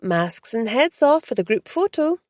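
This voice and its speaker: A woman's voice: a little high, sing-song, moderate pace, darkish tone, no echo, voice pushed up. Lady narrator doing a bookshop owner calling out sing-song announcements, dry close sound.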